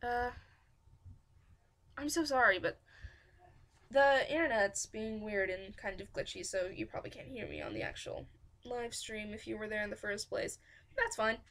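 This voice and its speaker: A woman's voice: medium pitch, normal speed, pauses often, a bit bright. A woman hosting a fanfiction reading stream, giving rambling, self-deprecating casual commentary. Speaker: fanfiction audiobook reader and host.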